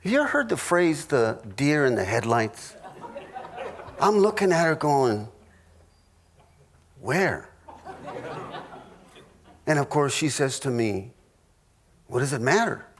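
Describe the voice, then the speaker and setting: A middle-aged man, a pastor, teaching a marriage class in a humorous sermon, telling stories with halting restarts and jokey asides. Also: on the high side, sing-song.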